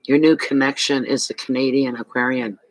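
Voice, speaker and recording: A man's voice: mid-range voice, fairly even intonation, a little fast, no echo, low-quality recording. A man giving a casual monthly tarot reading to his viewers, chatty and rambling, with many asides and restarts, tired and yawning. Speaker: tarot reader.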